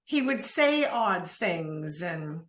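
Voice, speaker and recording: A woman hosting an interview, prompting her guest gently and giving short supportive replies. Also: lowish voice, sing-song, drawn-out words. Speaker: podcast host.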